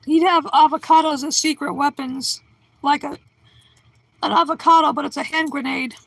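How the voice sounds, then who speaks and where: A woman's voice: high voice, fairly even intonation, moderate pace, creaky, a bit bright, no room sound, rough recording. A woman in her sixties hosting a livestream, chatting casually and rambling as she answers viewers. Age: 60s. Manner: rambling, chatty, restarts and trails off. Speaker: livestream host.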